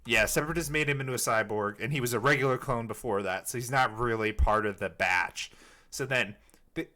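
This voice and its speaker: Bright-voiced man rambling on a podcast. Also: mid-range voice, a little fast. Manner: rambling, many fillers and restarts. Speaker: podcast host. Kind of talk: casual podcast chat.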